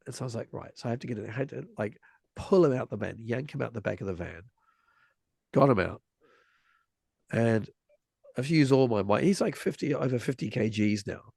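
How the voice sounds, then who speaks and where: A man's voice: medium pitch, animated, fairly quick, creaky, pauses often, a little mellow, husky, no room sound. A man in his forties telling a story in casual conversation, rambling with many restarts and vivid retelling. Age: 40s.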